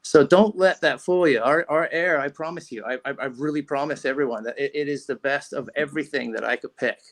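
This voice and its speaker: A man's voice: a little high, brisk. A man being interviewed on a podcast, telling a rambling story with lots of restarts and fillers. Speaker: podcast guest, fishing rod company founder.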